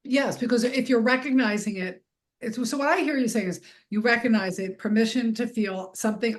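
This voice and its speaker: A woman's voice: on the high side, brisk. Woman podcast host summing up points. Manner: reflective, sums up the guest's points. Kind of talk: casual interview talk.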